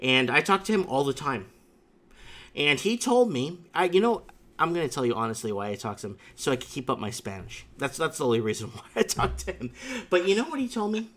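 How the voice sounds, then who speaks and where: A slightly higher-voiced man hosts a casual talk show, telling stories with plenty of emphasis and repetition. He keeps circling back to the same phrases as he talks a guest through his point. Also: sing-song, a little fast, a bit bright. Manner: emphatic storytelling with repeated catchphrases. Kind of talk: casual chat.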